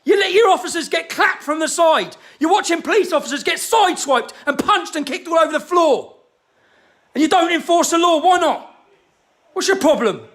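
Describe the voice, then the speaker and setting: Furious high-pitched man ranting. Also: lively intonation, moderate pace. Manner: shouting, heavy swearing, hectoring questions. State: angry. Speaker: activist ranting to camera. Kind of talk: angry direct-to-camera rant.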